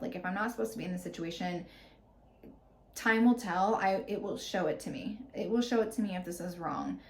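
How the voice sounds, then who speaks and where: A woman's voice: mid-range voice, slight background noise. A woman in her thirties hosting a podcast, candidly retelling a personal story with lots of fillers and quoted reactions. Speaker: podcast host. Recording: roomy echo.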